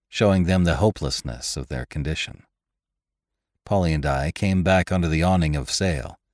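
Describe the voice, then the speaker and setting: A man reading an adventure story aloud as a podcast narrator, in expressive scripted narration. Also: sits low, dry recording, studio quality. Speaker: podcast reader.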